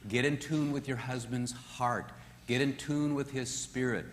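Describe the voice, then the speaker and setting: A man teaching a marriage seminar in an animated way, often acting out what spouses say. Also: medium pitch, a little slow. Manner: animated, acts out quoted voices. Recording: echoey hall with long reverb.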